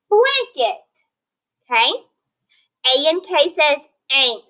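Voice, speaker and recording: A woman teaches phonics in a recorded lesson, breaking words into syllables and sounding them out slowly for her students. Her voice sits high and sounds bright. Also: expressive, poor audio. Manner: slow, clear modeling of word sounds with praise and prompts.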